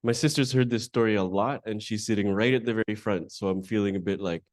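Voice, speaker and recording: A man's voice: lowish voice, fast talker, few pauses, a little mellow, no room sound, studio quality. Candid man telling a personal story. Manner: candid, self-deprecating, conversational with frequent restarts. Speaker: conference emcee introducing a panel. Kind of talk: personal storytelling to a live audience. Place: conference hall.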